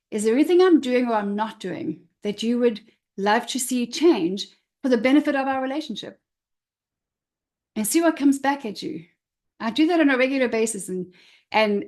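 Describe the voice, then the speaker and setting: A middle-aged woman coach giving a motivational talk, expressive and emphatic, repeating her key words. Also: a little high. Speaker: confidence coach.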